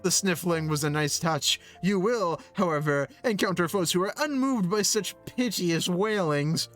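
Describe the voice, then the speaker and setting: A pompous, scheming guildmaster mage read aloud by a man, full of grand, old-fashioned phrasing. The voice sits high, with faint background music. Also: expressive, measured pace, fairly bright tone. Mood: grandiose. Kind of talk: reading game quest dialogue aloud.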